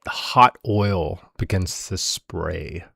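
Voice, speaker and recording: Rambling low-voiced game master, man. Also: extremely slow, vocal fry, pushed and bright, slightly rough, no echo, studio quality. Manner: rambling, searching for words with many fillers. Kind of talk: narrating a tabletop game.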